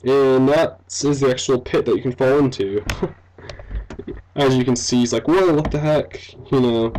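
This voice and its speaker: A young game developer and let's-play commentator talks casually about a game he's building, rambling with fillers like "um", "like" and "you know", laughing often and running himself down. His mid-range voice is steady and a little mellow at a moderate pace, on a rough recording with slight background noise.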